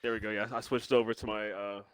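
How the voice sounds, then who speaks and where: A man's voice: on the low side, level tone, fast talker, background noise. A man on a headset playing a tabletop game, rambling and self-mocking. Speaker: player. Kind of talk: casual game chat.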